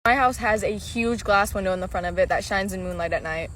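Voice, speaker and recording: A woman's voice: medium pitch, a little fast, a bit bright, a little hiss or hum. A text-to-speech woman's voice telling a spooky story in a casual, blunt manner full of slang.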